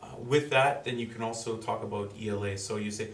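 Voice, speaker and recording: A man giving a school presentation to parents, explaining in a halting way full of fillers and restarts. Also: on the low side. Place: school room with audience. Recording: roomy, distant, faint background noise.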